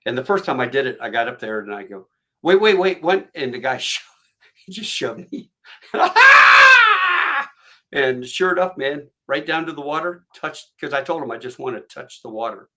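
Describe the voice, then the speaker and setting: Middle-aged guy telling stories on a podcast, bright voice, acts out all the voices. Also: mid-range voice, expressive, fairly quick. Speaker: podcast host. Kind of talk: casual storytelling chat.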